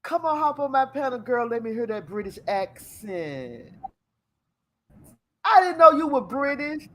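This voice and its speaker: A woman hosting a casual live chat show, animated and teasing, laughing often as she talks. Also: on the high side, measured pace. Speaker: talk show host.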